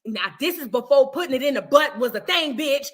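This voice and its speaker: A woman vlogger tells a story in a loose, dramatic way, heavy on cursing. Her voice is high and very bright, and it swings from shouts down to hushed asides. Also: expressive, fairly quick. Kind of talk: casual storytelling.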